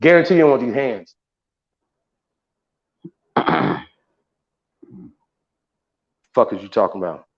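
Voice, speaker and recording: A man's voice: fairly low pitch, big pitch swings, slow, pauses often. A man hosting an online show, delivering a profane, boastful, confrontational rant. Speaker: show host. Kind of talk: heated livestream rant. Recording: muffled lo-fi audio.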